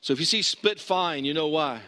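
A man's voice: a little high, moderate pace, pushed and bright. A man preaching a sermon, conversational and emphatic, putting questions to his listeners. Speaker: pastor. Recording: long hall reverb.

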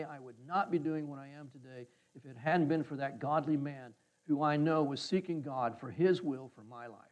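A man preaching a sermon, telling a personal story in a folksy way and acting out the voices of people he quotes. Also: a little high. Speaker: pastor. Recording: slightly dull, muffled sound.

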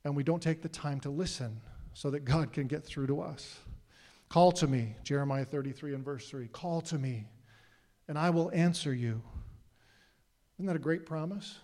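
Earnest pastor preaching in a reverberant hall. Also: male voice, fairly high pitch, normal speed, a little mellow. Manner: earnest, asks the congregation questions. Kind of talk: sermon. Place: church sanctuary.

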